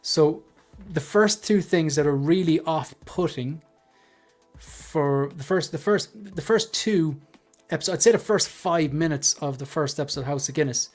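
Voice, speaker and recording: Male host, slightly high voice, jokey and loose, panel chat over faint music. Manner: joking, quick asides to chat. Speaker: livestream host.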